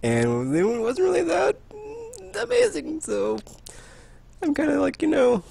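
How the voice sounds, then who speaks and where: A man co-hosting a casual gaming podcast, ranting in an animated way, laughing and acting out quotes. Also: very high voice, measured pace, creaky, no room sound. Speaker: podcast co-host.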